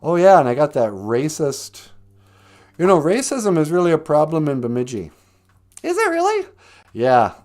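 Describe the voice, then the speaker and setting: An older man hosts a relaxed live stream, spinning casual stories with frequent laughter. His voice swoops up and down with animated intonation, and he keeps things chatty and loose. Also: fairly high pitch, normal speed. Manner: chatty, laughs often, lively storytelling. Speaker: host.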